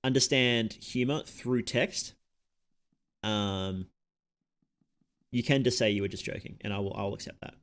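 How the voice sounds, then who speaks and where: A man's voice: on the low side, unhurried, long pauses, fairly bright tone. Chatty Australian man streaming a game. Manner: rambling and chatty, with self-interrupting asides. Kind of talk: casual gameplay chat.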